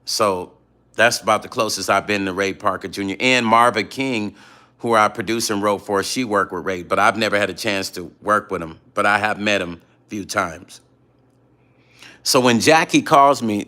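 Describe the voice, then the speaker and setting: Bright-voiced man in animated late-night chat. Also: fairly low pitch, moderate pace. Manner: animated storyteller, addresses viewers as family. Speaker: musician hosting a late-night livestream. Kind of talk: casual late-night chat, reading viewer comments.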